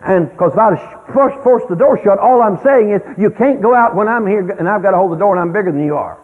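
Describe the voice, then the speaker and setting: Older man, folksy emphatic storyteller, high and lively delivery, thin radio sound. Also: quick pace. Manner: folksy, anecdotal, emphatic with sudden loud exclamations. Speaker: speaker on child rearing. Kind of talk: storytelling talk. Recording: tinny lo-fi radio broadcast with long reverb.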